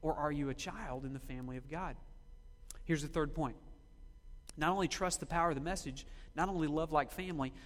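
High-voiced male pastor preaching. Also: in a large hall. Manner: preaching with rhetorical questions, slowing down to read scripture. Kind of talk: sermon. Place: church sanctuary.

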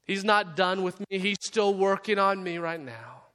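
A male pastor preaching a sermon in a church, passionate and shifting between loud and soft. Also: high voice, expressive, measured pace, clear, resonant tone, long reverb tail. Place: church sanctuary.

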